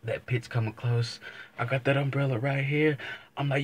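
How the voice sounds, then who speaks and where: A man's voice: medium pitch, steady tone, brisk. A young man vlogging, telling a casual story to camera, rambling and swearing, often circling back with "but anyways.". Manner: rambling, profane, keeps saying "but anyways".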